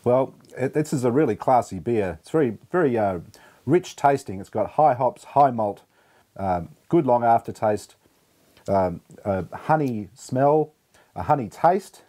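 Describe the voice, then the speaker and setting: A man co-hosting a beer show, describing beers in a relaxed way with hesitant fillers. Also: mid-range voice, unhurried. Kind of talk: casual beer tasting chat.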